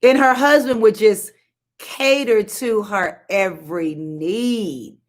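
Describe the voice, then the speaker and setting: A woman's voice: mid-range voice, slow pace. A middle-aged woman preaching a live-streamed sermon, emphatic and repetitive, with colloquial, sassy asides to her listeners. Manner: emphatic repetition and call-outs to the audience.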